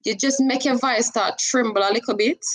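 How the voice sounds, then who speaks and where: A woman hosting a live stream, giving animated, coaxing advice and slipping into patois. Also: a little high, normal speed, poor audio. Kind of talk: casual live-stream chat.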